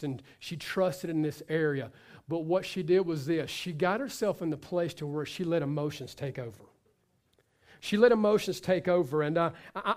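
A man's voice: a little high, a little mellow. A pastor preaching to his congregation, emphatic, repeating himself and restarting phrases as he builds a point. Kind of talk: sermon.

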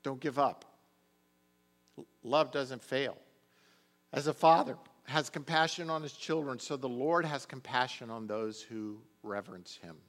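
A middle-aged male pastor delivering a sermon with a mid-range voice. He speaks in an earnest, heartfelt way. His tone moves from hushed confession to fervent prayer. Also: mid-range voice, unhurried. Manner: earnest personal storytelling, swinging between hushed and rising prayer.

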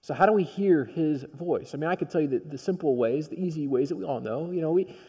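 A man's voice: a little high, fast talker, breathy edge. Man preaching in a reverberant hall. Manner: storytelling, swings from quiet to emphatic. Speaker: pastor. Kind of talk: sermon.

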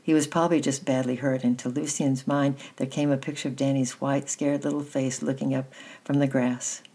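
A woman reading a children's novel aloud in a steady, gentle storytelling manner, with a husky voice. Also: extremely low pitch, moderate pace. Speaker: reader.

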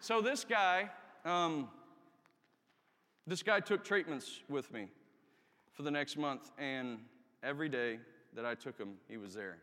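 A man's voice: fairly high pitch, lively intonation, a little slow, pauses often, bright, forceful tone. Earnest preacher man in a reverberant church. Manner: earnest, candid storytelling with emphatic rises. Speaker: army chaplain preaching. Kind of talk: testimony sermon. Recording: long reverb of a church hall.

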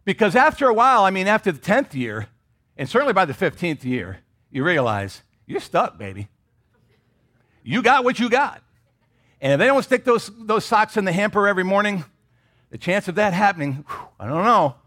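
A middle-aged man from Michigan, a pastor, preaches a sermon in a high voice at normal speed. He's animated and jokes with the congregation in casual asides.

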